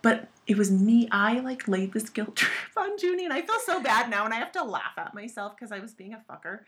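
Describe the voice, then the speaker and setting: Thirties mom co-host, chatty and frank, tells stories on herself with a laugh. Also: female voice, on the high side, big pitch swings, fairly quick, fairly bright tone. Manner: candid storytelling, swears freely, laughs at herself. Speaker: podcast co-host. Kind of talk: casual chat.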